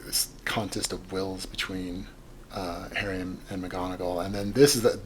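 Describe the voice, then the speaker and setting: Low-voiced dude rambling about a book, lots of "like", bit of background hiss. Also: male voice, normal speed, low-quality recording. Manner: animated, rambling, many "like" fillers and restarts. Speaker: podcast co-host. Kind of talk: casual book discussion.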